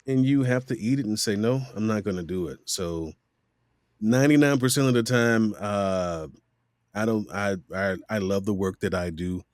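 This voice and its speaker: A man's voice: lowish voice, moderate pace, clear, resonant tone, no echo, studio quality. A middle-aged man from Miami, a voice actor guest telling stories in a casual interview and acting out the voices he quotes. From Miami, USA. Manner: animated storyteller who acts out quoted voices.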